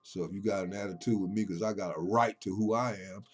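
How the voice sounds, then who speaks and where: Male poet, impassioned preachy monologue, slightly low voice, loud-to-soft swings. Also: fairly even intonation, fast. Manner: preachy and emphatic, swinging between loud declarations and low intimate murmurs. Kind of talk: impassioned spoken monologue on his poems.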